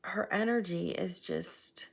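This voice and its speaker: A woman giving a casual tarot reading, chatty and rambling, sometimes sinking into a soft whisper. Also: fairly low pitch, slow pace, vocal fry, husky. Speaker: tarot reader.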